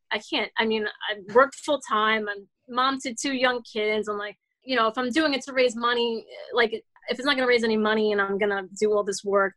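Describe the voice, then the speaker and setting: A woman's voice: on the high side, fairly bright tone. Chatty woman in her thirties, rambling. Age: 30s. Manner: rambling, many restarts and fillers, heartfelt. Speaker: guest author. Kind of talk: casual interview storytelling.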